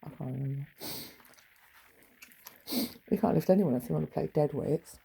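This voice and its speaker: A middle-aged woman talks in a rambling, offhand way, with a gravelly, husky edge to her voice. Her tone is low and mellow, and she drifts between wry asides and casual swearing as she chats from home. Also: moderate pace, poor audio. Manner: chatty, wry, swears freely, laughs at own asides. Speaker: vlogger. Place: home bedroom.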